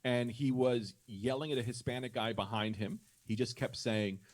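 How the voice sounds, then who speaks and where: A man's voice: mid-range voice, normal speed. A man on a live stream telling a long story in a casual, profane way, often restarting his sentences. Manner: animated, profane, self-interrupting.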